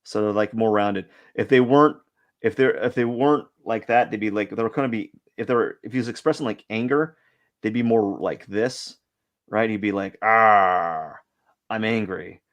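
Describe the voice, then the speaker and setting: Over lo-fi sound, a man with a lowish voice talks at a normal speed as he sketches on a drawing livestream. His casual, thinking-aloud commentary is rambling, hesitant and self-questioning, and he's self-deprecating about his work.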